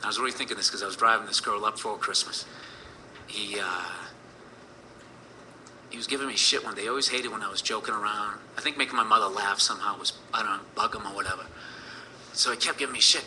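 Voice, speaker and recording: A man's voice: lowish voice, fast talker, pushed and bright, slight background noise, rough recording. A man in his thirties telling a personal story in a rambling, profane way, full of fillers.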